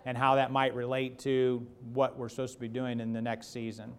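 A man's voice: medium pitch, completely flat delivery, moderate pace, smooth. A man preaching a casual sermon, joking and putting questions to the congregation. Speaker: pastor. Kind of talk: conversational sermon.

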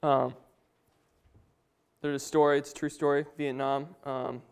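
A man's voice: medium pitch, little pitch movement, a little slow, gravelly, smooth. A man preaching a sermon, reading scripture aloud and then explaining it in his own words with frequent restarts.

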